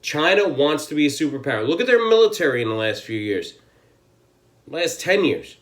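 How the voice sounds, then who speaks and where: An American channel host delivers an angry political rant to camera, emphatic and swearing constantly. His voice is fairly high in pitch with big swings, at a normal speed.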